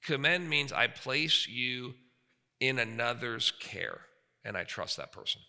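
A man in his thirties preaching a sermon, animated, swinging from loud to quiet. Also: mid-range voice, unhurried, gravelly. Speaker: pastor. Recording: long hall reverb.

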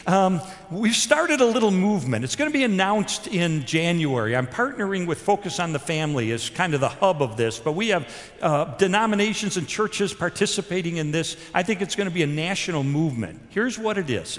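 A man preaching a sermon, telling stories with animated delivery, moving between loud emphasis and soft intensity. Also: sits high. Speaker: pastor. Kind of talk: sermon with storytelling. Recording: long hall reverb.

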